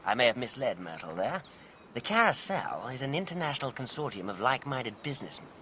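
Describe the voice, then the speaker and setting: Brief: a sneering toff villain for radio comedy, upper-class English, very lively delivery. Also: male voice, medium pitch, quick pace, slight background noise. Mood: smug. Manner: pompous, sneering, theatrical. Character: posh, scheming male villain spy, insulting and smug. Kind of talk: comic radio drama acting.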